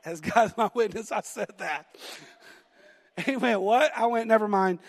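A middle-aged man with a Southern American accent, a pastor, tells a self-deprecating story about himself during a sermon, laughing as he goes. His high-pitched voice is unhurried. The church sanctuary gives the recording a long hall reverb.

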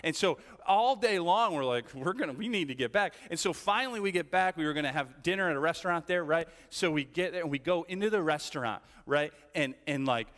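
Pastor, male, slightly higher voice, chatty anecdotal sermon delivery, echoing hall sound. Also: brisk, hardly any pauses, fairly bright tone. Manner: conversational storytelling with frequent "right?" asides. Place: church hall. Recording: long church hall reverb.

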